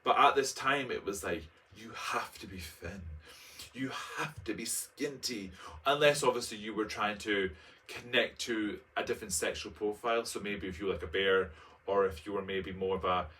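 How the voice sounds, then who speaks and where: This late-twenties vlogger from Scotland reads a personal essay of his and frequently stops to add camp, playful commentary, all very expressive. His lower-pitched voice is bright and forceful, a touch distant since he sits back from the microphone.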